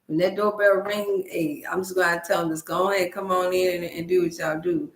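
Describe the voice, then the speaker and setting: A woman's voice: on the low side, fairly even intonation, fairly quick. Woman livestream host, Black dialect, emotional and preachy, talking at home into an echoey room. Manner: emotional, preachy, speaks to viewers as family. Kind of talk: casual livestream talk to viewers. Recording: roomy echo.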